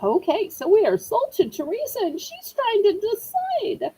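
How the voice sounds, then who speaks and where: A woman's voice: extremely high pitch, huge pitch swings, moderate pace, hardly any pauses, warm tone, low-quality recording. A middle-aged woman hosting a live online auction, chatting in a rambling, apologetic way. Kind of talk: live-stream selling chat.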